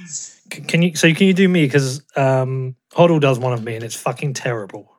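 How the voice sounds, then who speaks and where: A man's voice: mid-range voice, moderate pace. A man with an English accent hosting a podcast, chatty and teasing in casual conversation. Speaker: podcast host.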